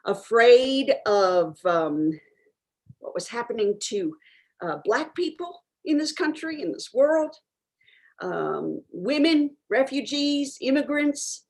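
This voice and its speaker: A woman's voice: a little high, sing-song, takes it slowly, darkish tone, heavily acted. A woman playing an eccentric self-declared medium who answers questions in a rambling, frank way, full of ums and uhs. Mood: earnest. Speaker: guest answering audience questions. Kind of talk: improvised character comedy.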